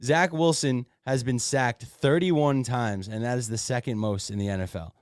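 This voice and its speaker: A man's voice: mid-range voice, moderate pace, no echo, studio quality. A man co-hosting a sports podcast, venting sarcastically about his team's offense. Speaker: podcast co-host. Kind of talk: heated sports call-in podcast.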